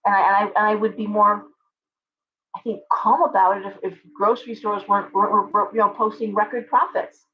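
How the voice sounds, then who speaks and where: A woman hosts a live stream and talks straight to her chat, ranting with strong opinions. Her voice sits at an ordinary middle pitch. The audio is dull and lo-fi. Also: fairly even intonation, a little fast. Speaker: livestream host.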